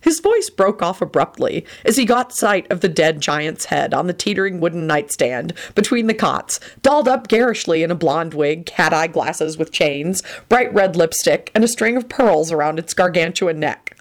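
A woman reading a story aloud with expressive storytelling. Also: on the low side, moderate pace. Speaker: reader. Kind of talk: reading fan fiction aloud.

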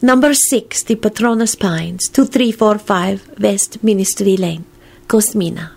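A woman putting on a husky, formal lady's voice. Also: mid-range voice, measured pace, darkish tone, pitched above the performer's own voice. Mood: courteous. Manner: formal and courteous. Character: polite, formal adult woman writing a letter.

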